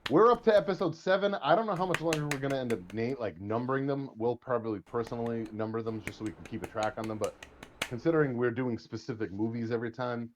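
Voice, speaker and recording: A man's voice: mid-range voice, quick pace, background noise. A man hosting a casual podcast who rambles, swears freely and repeats his words. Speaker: podcast host.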